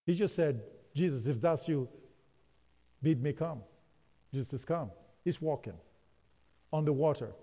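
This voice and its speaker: A man's voice: a little high, a little slow, long pauses, dark tone. A man preaching a sermon, calling on the congregation to answer and repeating phrases for emphasis. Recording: long hall reverb.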